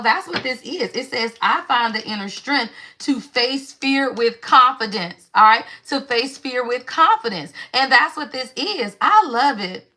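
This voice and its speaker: A woman reading tarot cards to her viewers in a chatty, animated way, asking questions and answering them herself. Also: fairly high pitch. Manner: chatty, repeats "y'all" constantly; animated call-and-response questions. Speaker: spiritual tarot reader. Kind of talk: casual tarot reading livestream.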